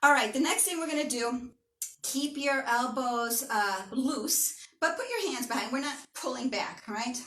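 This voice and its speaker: A woman's voice: high-pitched, unhurried, fairly bright tone, a little hiss or hum. A woman teaching a yoga class, giving encouraging instructions and often checking in with "right?". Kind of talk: guided movement class. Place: yoga studio room. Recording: echoey studio from a distance.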